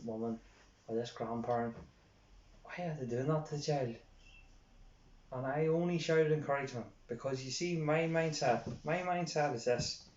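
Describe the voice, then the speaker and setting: Earnest Irish man in a roomy room. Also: medium pitch. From Ireland. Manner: earnest, repeats phrases for emphasis. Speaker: youth sports coach. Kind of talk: informal coaching talk. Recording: roomy, dull lo-fi sound.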